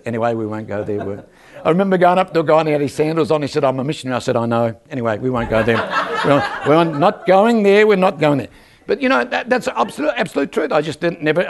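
An older man preaching a lively church sermon, joking and calling out for amens from the congregation. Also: on the high side, vocal fry. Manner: animated, joking, calls for amens from the crowd. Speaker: guest preacher. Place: church service.

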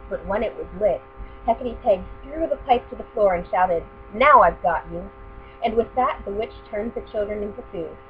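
A woman's voice: mid-range voice, brisk. Casting: woman storyteller reading a picture book aloud, tinny lo-fi with mains hum.

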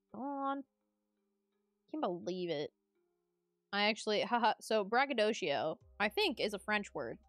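A young woman streams live and chats with her viewers in a relaxed, rambling way. Her voice sits slightly high. She laughs often and drops casual mild swears as she talks. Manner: giggly, chatty, mild swearing. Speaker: livestreamer.

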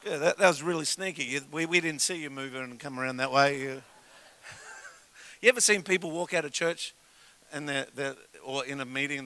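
A man preaching a sermon as a guest pastor in a church, animated and joking with the congregation. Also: a little high, normal speed. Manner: animated, jokes with the congregation, acts out story voices. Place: church auditorium. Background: soft keyboard music.

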